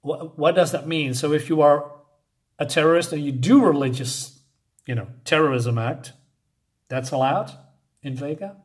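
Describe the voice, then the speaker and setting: A man casually recapping a comic issue, halting often with fillers and unsure asides. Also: fairly high pitch. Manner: hesitant, many fillers and restarts, unsure asides. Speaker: comic book reviewer.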